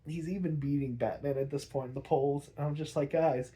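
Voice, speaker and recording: A young man casually recapping a TV episode, rambling with lots of fillers, laughing often and acting out characters in quick raised voices. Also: fairly high pitch, steady tone, mellow. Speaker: podcast host recapping episodes.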